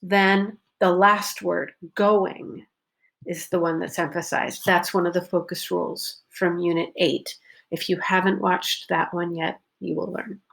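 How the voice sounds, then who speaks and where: A woman teaching pronunciation, talking slowly and carefully and repeating example sentences. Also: lowish voice, flat delivery, vocal fry, fairly bright tone. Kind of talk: unscripted pronunciation lesson.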